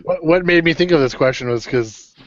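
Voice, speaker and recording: A man's voice: a little high, brisk, dry recording. Matter-of-fact man, lo-fi line. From Canada. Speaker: podcast host. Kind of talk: casual chat. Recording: dull lo-fi dry audio.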